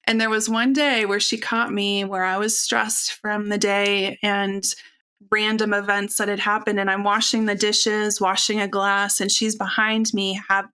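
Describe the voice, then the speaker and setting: A woman in her forties speaking openly and earnestly as a podcast guest, telling a personal story in a relaxed, conversational way. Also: medium pitch, clear, resonant tone. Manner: open, earnest, conversational with fillers. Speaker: podcast guest, functional nutritionist.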